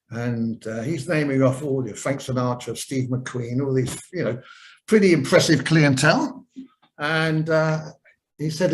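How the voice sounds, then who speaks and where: A man's voice: medium pitch, unhurried, rough recording. Rambling older man telling stories. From England. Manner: rambling, anecdotal, with many fillers. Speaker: guest. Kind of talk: storytelling interview.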